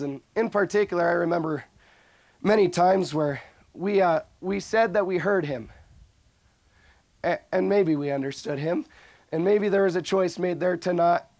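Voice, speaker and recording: Young guy chatting earnestly about the bible, slightly high voice, dry close sound. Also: gravelly, a little mellow, no echo. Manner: earnest, frequent restarts and fillers. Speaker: religious speaker. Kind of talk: informal scripture talk.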